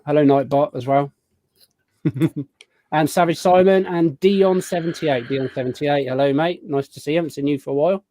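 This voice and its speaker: A man hosting a casual live show, chatting warmly through a long list of viewer greetings. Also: a little high, normal speed, dry recording. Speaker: podcast host. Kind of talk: casual live-stream chat.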